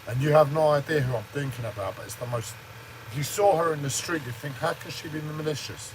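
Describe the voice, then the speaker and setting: A man's voice: fairly high pitch, brisk, a little hiss or hum, low-quality recording. A man in a shaken, agitated livestream rant who swears heavily and sounds like he is in shock. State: shaken, says he speaks like he is in shock. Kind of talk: angry personal rant. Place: standing in front of a camera.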